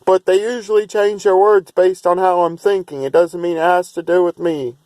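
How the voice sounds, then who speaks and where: A man's voice: high voice, steady tone, normal speed, few pauses, darkish tone, no echo. A man talking to camera in a rambling vlog monologue, restarting and repeating himself, and at times chanting long runs of made-up syllables in a raised voice.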